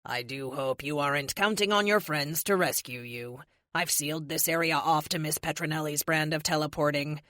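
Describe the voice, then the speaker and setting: A woman voicing a cold, polite male android villain leader in an audiobook, speaking in a slow, smug, measured way. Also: low voice, a bit bright, no echo, studio quality, pitched below the performer's own voice. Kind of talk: audiobook character voice.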